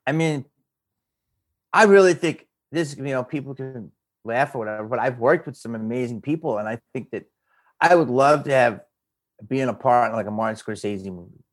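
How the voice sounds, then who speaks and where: A man with a Philadelphia accent, an actor and comedian talking casually as a guest, animated and swearing freely. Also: medium pitch, moderate pace. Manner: animated, swearing, slips into a Philly voice. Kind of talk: casual interview chat.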